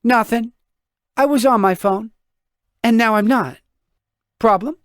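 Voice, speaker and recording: A man's voice: high voice, animated, a little slow, no echo, studio quality, voice pushed up. A man reading an audiobook, voicing an insecure, hot-tempered young woman who talks in a snappy, defensive way.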